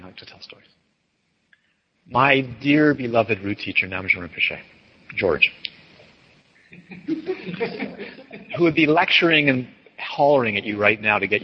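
A man teaching an audience, telling stories in an animated way and acting out the voices of the people he quotes. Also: medium pitch, breathy edge. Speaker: dharma teacher. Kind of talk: storytelling talk to an audience. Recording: dull recording with long hall reverb.

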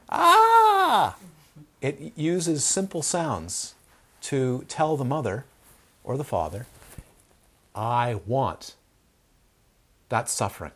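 A man's voice: mid-range voice, slightly rough. A man giving a Dharma talk to students, full of rhetorical questions and playful asides. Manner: animated, asks rhetorical questions, acts out crying babies. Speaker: Dharma teacher.

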